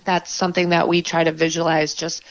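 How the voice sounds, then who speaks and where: Low-voiced woman guest, dry muffled sound. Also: monotone, fairly quick. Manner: earnest, reflective, with frequent "um"s and restarts. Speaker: podcast guest, improv performer. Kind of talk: conversational interview.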